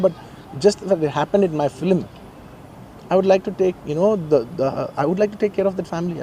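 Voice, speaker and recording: A man with an Indian English accent speaks quickly and earnestly in a press statement, repeating phrases to press his point. His voice sits a little high but sounds mellow and warm. Faint outdoor traffic hums behind him in a garden. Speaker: film actor giving a press statement.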